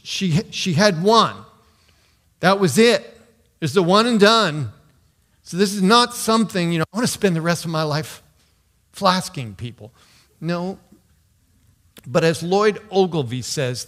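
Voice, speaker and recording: A man preaching a sermon, explaining scripture with emphatic pauses and sudden drops to a quiet voice. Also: medium pitch. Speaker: pastor.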